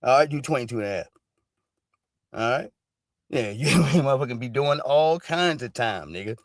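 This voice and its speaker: A man giving off-the-cuff livestream commentary in a blunt, profane, emphatic way, dropping "all right" between every few words. His voice sits at an ordinary pitch for a man, and the recording is dry and close. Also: expressive, normal speed, no room sound. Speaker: stream commentator.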